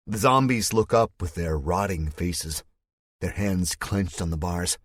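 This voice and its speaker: A man narrating an audiobook in the first person, telling it in a tense, measured way. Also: sits low, husky, dry recording.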